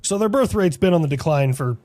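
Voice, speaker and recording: A man's voice: on the high side, animated, a little fast, a little mellow, no room sound. A man playing a blunt, crude American Uncle Sam figure in a comedy sketch.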